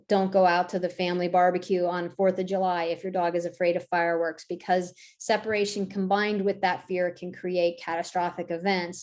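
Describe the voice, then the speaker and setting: A woman's voice: fairly low pitch, a little mellow. Give me a woman giving a casual, chatty dog-training workshop. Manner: conversational, acts out quoted voices, frequent "right?" tags. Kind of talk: online workshop talk.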